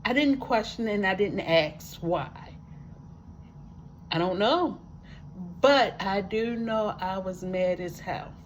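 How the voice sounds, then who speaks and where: In a slow, mid-range voice, a woman addresses her viewers with a personal testimonial about living with a disability and using a wheelchair. She's a vlogger who speaks emphatically, repeats words for effect, and drops folksy asides, while a little hiss or hum sits underneath.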